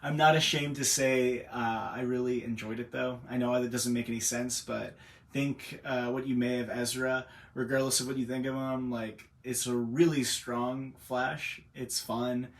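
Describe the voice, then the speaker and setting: A man's voice: mid-range voice, level tone, measured pace. Chatty man giving frank film picks. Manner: chatty and frank, with laughs and fillers. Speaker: bookstore owner reviewing films. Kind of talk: casual video review.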